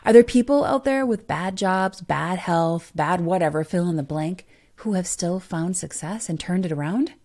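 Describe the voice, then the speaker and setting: Woman doing a pep-talk podcast solo, fairly low voice, keeps firing questions at you. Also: moderate pace, darkish tone. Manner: emphatic, rhetorical questions to the listener. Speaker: podcast host. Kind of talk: motivational podcast monologue.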